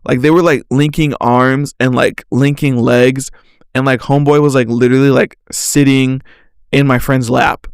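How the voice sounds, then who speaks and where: Gravelly young man rambling on a podcast. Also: mid-range voice, flat delivery, no room sound, clean studio sound. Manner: rambling, slangy, full of "like" fillers, quick to laugh at himself. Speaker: podcast host. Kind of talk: rambling solo podcast chat.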